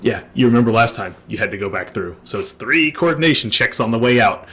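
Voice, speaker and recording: Bright-voiced male game master. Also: medium pitch, fast. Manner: laughs often, relaxed storytelling. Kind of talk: narrating a tabletop game.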